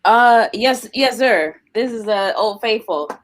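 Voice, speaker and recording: A woman's voice: a little high, expressive, takes it slowly, a little hiss or hum. Upbeat woman guest on a stream, laughing, chatting about her stuff. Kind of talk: casual chat on a livestream.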